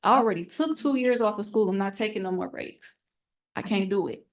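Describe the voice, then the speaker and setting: A young woman speaks on a panel in a middle-pitched voice. Her story comes out candid and earnest. She acts out the lines other people said to her as she tells it. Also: brisk. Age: young adult.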